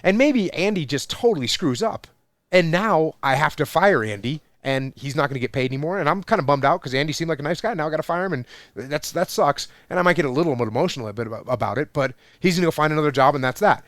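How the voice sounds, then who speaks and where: A man's voice: fairly high pitch, lively intonation, fast, fairly bright tone, no echo. A man in his forties, a former military leader, explaining his ideas emphatically in a casual podcast conversation. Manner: emphatic, explanatory, building points with repetition.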